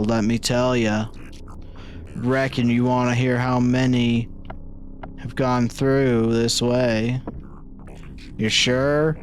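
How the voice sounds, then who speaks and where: A man streaming a game live, reading its text aloud in an unhurried, musing way and turning flustered when something breaks. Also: mid-range voice, a little hiss or hum.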